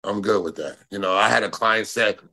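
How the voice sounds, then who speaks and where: A pro bodybuilder in his thirties from Minnesota, USA, talks loosely and boastfully in a casual interview, full of fillers and repetition. His fairly low voice comes out fairly quick, pushed and bright, with vocal fry.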